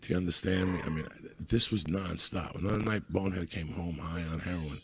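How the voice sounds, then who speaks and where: A man, a comedian on a podcast, telling profane, animated stories and acting out the people in them. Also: sits low, a little fast, slightly rough. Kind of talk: profane storytelling.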